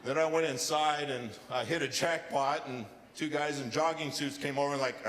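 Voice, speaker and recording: A man performing a stand-up comedy set with deadpan storytelling and acted-out quotes, on a casino showroom stage. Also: a little high, moderate pace. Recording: live hall reverb with faint ambience.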